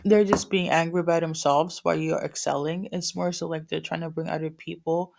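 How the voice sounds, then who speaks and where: Gravelly low-voiced woman giving a reading. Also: steady tone, fairly quick, background noise. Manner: rambling, many fillers and restarts. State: morning voice. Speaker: spiritual reader. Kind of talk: casual channeled reading.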